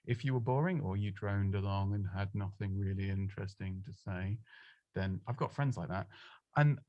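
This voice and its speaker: Chatty low-voiced man. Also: normal speed, dry recording, dull audio. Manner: chatty, self-deprecating, frequent restarts. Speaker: presenting coach. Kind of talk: casual live Q&A advice. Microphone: close studio microphone.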